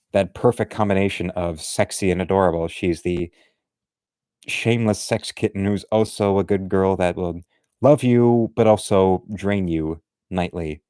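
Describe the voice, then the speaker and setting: A man's voice: deep voice, mellow, no echo, clean studio sound. A man giving casual, blunt and meandering commentary on artwork, opinionated and chatty. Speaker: art commentator.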